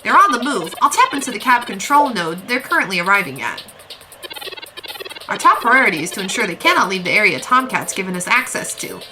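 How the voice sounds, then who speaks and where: A woman's voice: mid-range voice, very animated, brisk, lightly acted, poor audio. A woman voicing a polite, formal robot companion with old-fashioned wording, reading game dialogue while she plays. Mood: earnest. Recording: game music behind.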